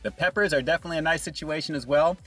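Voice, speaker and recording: Fast-talking man reviewing food on camera. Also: a little high, fairly bright tone, soft background music, poor audio. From Southern California. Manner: upbeat, chatty, addresses viewers as guys; talks between bites of food.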